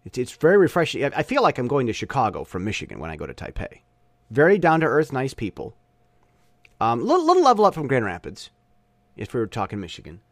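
A man's voice: medium pitch, huge pitch swings, fast talker, no echo. A young man giving an opinionated casual monologue, often stumbling and restarting his sentences.

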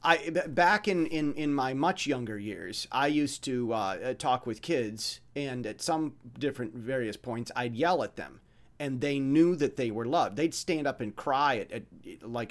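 Male podcast host, blunt and rambling, lots of stammered restarts, pitch swinging widely up and down. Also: lively intonation, moderate pace. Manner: mimics dramatic voices when illustrating points. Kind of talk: rambling monologue.

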